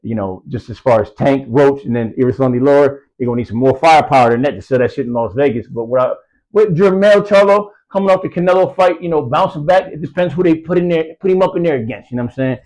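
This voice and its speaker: Fast-talking man rambling about boxing. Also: mid-range voice, darkish tone, low-quality recording. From US East Coast. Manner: rambling, heavy filler phrases, slang. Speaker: boxing news vlogger. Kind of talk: casual boxing commentary.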